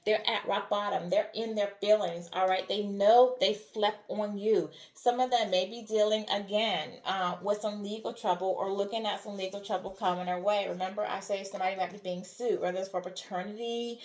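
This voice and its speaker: Lady doing a tarot reading, keeps saying "all right?", roomy echo, mid pitch. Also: fairly even intonation, normal speed, hardly any pauses, darkish tone. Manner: repetitive, checks in with "all right?" and "okay?". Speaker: tarot reader. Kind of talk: spiritual reading monologue.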